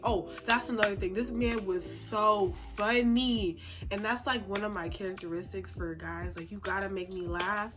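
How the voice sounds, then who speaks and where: Young woman in her 20s spilling a storytime, chatty, says like a lot, mid pitch, music under it. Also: fairly even intonation, normal speed, hardly any pauses. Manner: chatty, full of "like" fillers, laughs at herself. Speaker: storytime vlogger. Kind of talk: casual storytelling. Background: background music.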